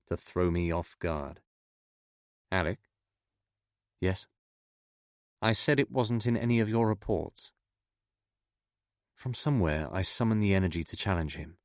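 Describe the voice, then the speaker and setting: A man reads a spy novel in a measured, steady narration. His voice sits low, and the sound is close and dry with no room around it. The characters get only slight changes from his own voice. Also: no echo. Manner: measured reading, voicing characters with little change. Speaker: audiobook narrator. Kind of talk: scripted audiobook narration.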